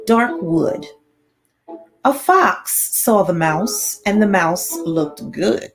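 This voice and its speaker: Woman teacher, storybook read-aloud, playful, slow, lively pitch. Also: music in the background. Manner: playful, laughing asides. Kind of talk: reading a picture book aloud.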